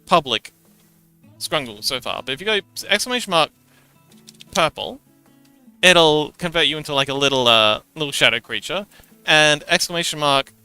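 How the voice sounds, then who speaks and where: A man's voice: fairly high pitch, bright, forceful tone, smooth, no room sound. A man streaming live, chatting casually with viewers and reading chat aloud, with frequent stammered restarts and giggles.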